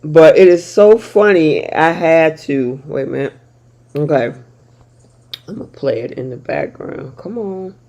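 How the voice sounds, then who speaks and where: A woman's voice: sits low, unhurried, mellow. A woman hosting a casual soap opera recap chat, talking playfully and laughing often. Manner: chatty and laughing, with playful asides.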